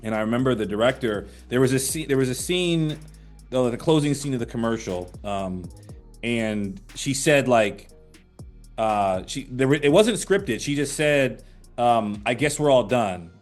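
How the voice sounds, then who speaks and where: Older man telling animated stories. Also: mid-range voice, unhurried, faint music behind. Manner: animated anecdotes, acts out quoted voices. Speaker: actor guest. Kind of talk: casual interview chat.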